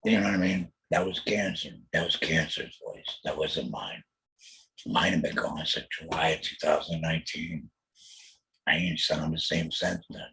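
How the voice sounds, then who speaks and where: A man's voice: normal speed, sharp tone, low-quality recording. A middle-aged man speaking with an alaryngeal voice after a laryngectomy. He hosts a casual podcast monologue, blunt and profane, and keeps asking "you know what I mean.". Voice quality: very low, rough, gravelly voice. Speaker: podcast host.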